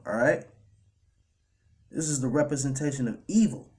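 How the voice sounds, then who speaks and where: Preacher guy riffing on scripture, mid pitch, keeps saying all right man. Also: normal speed, dark tone. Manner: loose, repetitive fillers like "all right" and "man", reads scripture aloud. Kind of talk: casual street-style sermon over clips.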